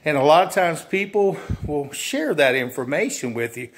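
A man's voice: fairly high pitch, expressive, moderate pace. A man teaching furniture sales in a conversational way, repeating phrases and acting out the exchanges between salesperson and customer. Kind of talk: instructional talk with acted sales dialogue.

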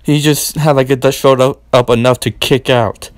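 A young man giving excited play-by-play commentary on a wrestling match, repeating his exclamations and swinging between hushed and loud. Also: medium pitch, moderate pace, no echo, clean studio sound.

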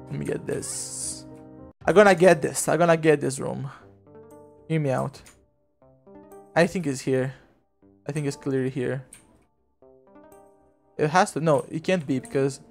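Male game streamer, high voice, rambling casual chat with loud outbursts, faint background music. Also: creaky. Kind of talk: casual gameplay livestream chat.

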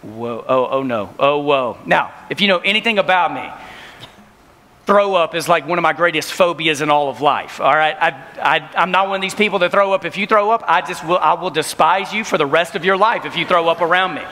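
A man in his thirties giving an energetic youth camp sermon, telling stories and acting out voices. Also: fairly high pitch, a little fast. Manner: storytelling, acts out voices, laughing. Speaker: camp speaker. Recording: reverberant hall.

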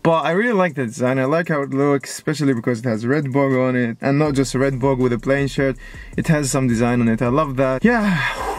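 A young man chatting casually and quickly to his viewers in a sneaker vlog. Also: mid-range voice, no echo. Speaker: sneaker vlogger.

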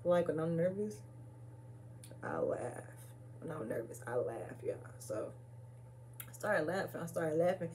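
A woman's voice: low-pitched, sing-song, unhurried, long pauses, darkish tone, a little hiss or hum. A young woman vlogger telling a casual story, chatty and profane, full of "like" and "y'all," laughing nervously. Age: young adult.

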